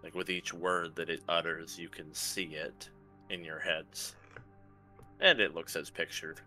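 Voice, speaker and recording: A man narrates a tabletop game as game master, relaxed and matter-of-fact with the odd filler. His voice is low yet very bright, with faint music underneath. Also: unhurried.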